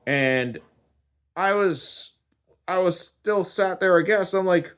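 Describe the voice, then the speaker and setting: A man rambling through a comic first-person monologue, deadpan and full of swearing. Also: sits high, takes it slowly, clean tone.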